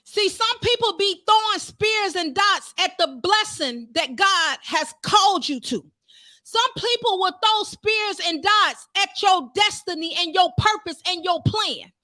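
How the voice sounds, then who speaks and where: High, bright-voiced woman preaching fervently. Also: dry recording. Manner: fervent, rising to shouts, calls out to the congregation. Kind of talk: sermon.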